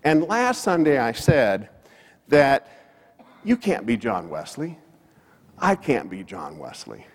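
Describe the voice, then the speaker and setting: A man preaching from the pulpit of a church. His voice is animated and full of swings in pitch as he tells a story and drives his points home. Long reverb from the hall trails after each phrase. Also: slow, long pauses, slightly rough. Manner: storytelling preacher, rises and falls for emphasis. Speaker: pastor. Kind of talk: sermon.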